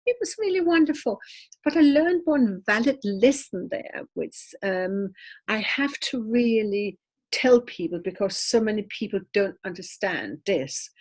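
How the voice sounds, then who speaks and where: Husky-voiced woman telling spirit anecdotes. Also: medium pitch, a little slow. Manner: lively anecdotal telling, frequent laughter. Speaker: medium, guest. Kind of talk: casual interview storytelling.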